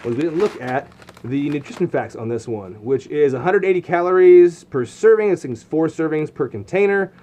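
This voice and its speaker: A man's voice: a little high, expressive, moderate pace, warm tone. A man giving casual, rambling commentary while unboxing outdoor gear, with lots of fillers and restarts.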